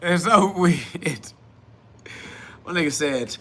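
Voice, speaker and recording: A man's voice: high-pitched, slow, pauses often, pushed and bright, husky. A man hosting a live solo podcast, reading chat questions aloud and answering them bluntly, mocking the askers and laughing often. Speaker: podcast host.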